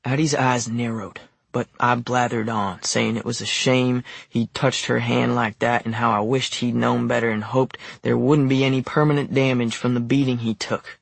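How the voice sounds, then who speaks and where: A man narrating an audiobook in the first person, measured and wry. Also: mid-range voice, flat delivery, vocal fry, dry recording.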